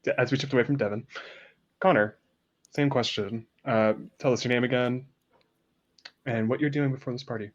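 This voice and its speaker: A man's voice: medium pitch, fairly even intonation, moderate pace, pauses often. A man running a tabletop game as game master, prompting the players with easygoing questions. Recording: dull lo-fi mic.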